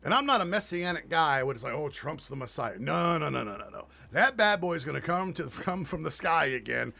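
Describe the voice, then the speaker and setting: Male commentary host, brash profane rant, slightly high voice, faint music underneath. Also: a little fast, gravelly. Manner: profane, mocking, animated. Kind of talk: casual political rant.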